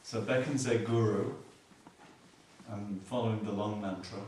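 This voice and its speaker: A man giving a Buddhist teaching, explaining slowly and repeating key words, with dry humor. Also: lowish voice, steady tone, darkish tone, slight background noise. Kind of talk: dharma teaching. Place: meditation hall. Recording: echoey hall from far off.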